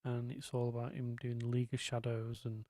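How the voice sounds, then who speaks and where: A man chats his way through a casual live stream, wandering off on tangents. His voice is mellow and low-key, recorded close and dry with no room sound. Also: completely flat delivery, brisk, no echo. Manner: rambling, chatty, lots of ums and asides.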